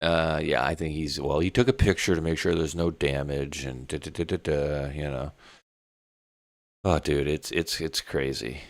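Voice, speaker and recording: A man's voice: a bass voice, fairly even intonation, moderate pace, vocal fry, no room sound. A man co-hosting an online talk show in a laid-back, rambling, mocking way. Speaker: co-host. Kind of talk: casual chat.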